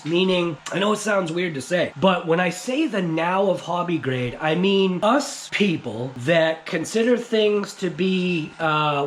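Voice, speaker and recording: A man with a New England accent, hosting a casual, rambling vlog about RC cars, chatty and quick to laugh. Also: on the high side, a little hiss or hum. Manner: chatty, laughs often, many fillers. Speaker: RC car channel host.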